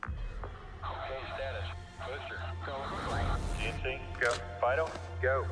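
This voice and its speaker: An actor playing a calm male mission control announcer, giving clipped launch commands over film audio. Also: medium pitch, measured pace, music in the background, lightly acted. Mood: steady.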